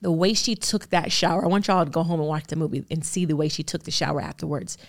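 A low, fast voice belongs to this woman in her thirties, an actor and producer talking candidly as a podcast guest. She speaks with earnest emphasis, often through series of rhetorical questions.

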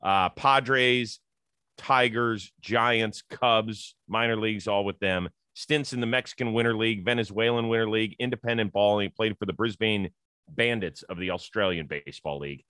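A man's voice: fairly low pitch, sharp tone, clear, resonant tone, no echo. Chatty male sports talk host, dry sound. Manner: emphatic, chatty, quick to joke.

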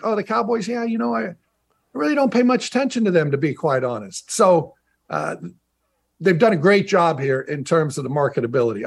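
Telling stories in a remote interview on a video call, a middle-aged man who went from pro football to broadcasting speaks in a medium-pitched, slightly rough voice. Chatty restarts and emphatic repetition run through his talk.

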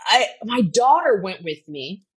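A woman's voice: mid-range voice, unhurried, husky. A middle-aged woman telling stories as a guest in a casual interview, acting out quotes and swearing freely. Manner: animated storyteller, acts out quotes, swears freely, laughs often. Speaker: guest, fitness personality.

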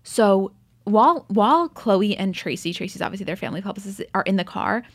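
A woman's voice: mid-range voice, animated, fairly quick, no room sound, studio quality. A young woman co-hosting a podcast, animatedly recapping a reality show episode in casual chat and acting out quotes with plenty of swearing. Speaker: podcast co-host.

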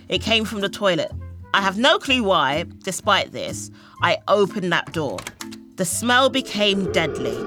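A young woman, a comedian, telling a dramatic story in a playful way on a panel show. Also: mid-range voice.

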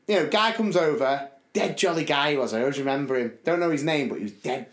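A man, telling a self-mocking story in a chatty, animated way on a podcast. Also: fairly high pitch, fast, roomy sound. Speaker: podcast co-host. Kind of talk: casual storytelling.

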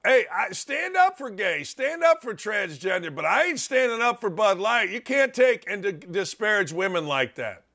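A man's voice: high voice, normal speed, creaky, hardly any pauses. A man hosting a radio show, delivering an opinionated monologue with lots of stammering restarts and repeated phrases. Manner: repetitive, excitable, stammering restarts. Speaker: talk radio host.

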